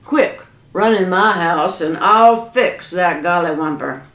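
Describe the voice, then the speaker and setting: A woman's voice: on the low side, slow, fairly bright tone, pitched below the performer's own voice. A woman voicing a big, protective male bear who talks firmly. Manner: firm, bossy. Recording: echoey room.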